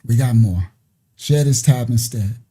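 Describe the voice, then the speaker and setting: A man's voice: medium pitch, measured pace, warm tone, slightly rough. A man hosting a ministry live stream, commenting on clips in a preachy way and repeating himself. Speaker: ministry host.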